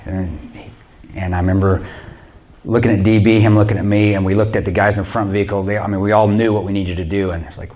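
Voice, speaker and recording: A man with a lowish voice telling a story to a church audience. He talks in a lively, animated way, jumping into the voices of the people in his story and breaking into laughter now and then. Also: fast talker. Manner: animated, acts out quoted dialogue, laughs often. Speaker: guest speaker.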